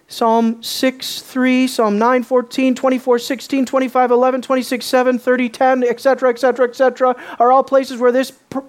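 A woman preaching an expository sermon, emphatic, asking rhetorical questions and swinging from loud to soft. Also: on the high side.

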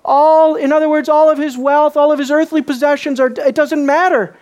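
A preacher giving a sermon, animated, who often restarts and repeats words, asks many rhetorical questions and swings from loud emphasis to quiet intensity. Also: sits high, moderate pace.

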